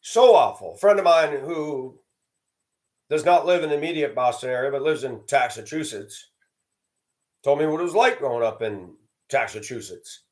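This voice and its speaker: A man's voice: medium pitch, expressive, moderate pace, darkish tone. A man from the American South delivering a sarcastic, judgmental ranting monologue to his channel. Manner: sarcastic, judgmental, emphatic repetition. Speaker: channel host.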